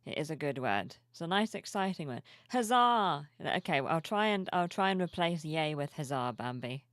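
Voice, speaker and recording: A sleepy woman streamer chatting softly and cheerfully with her viewers at home, reading their messages aloud. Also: deep voice, animated, brisk, no room sound, clean studio sound. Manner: soft-spoken, cheerful, reads chat aloud. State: sleepy, yawning. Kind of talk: casual live-stream chat. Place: home room with plushies.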